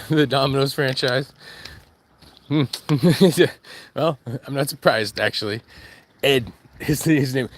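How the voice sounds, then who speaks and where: A man's voice: medium pitch, fairly bright tone, a little hiss or hum. A man vlogging on a dog walk, rambling and joking, laughing at himself as he talks. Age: adult with kids. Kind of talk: casual walk-and-talk monologue.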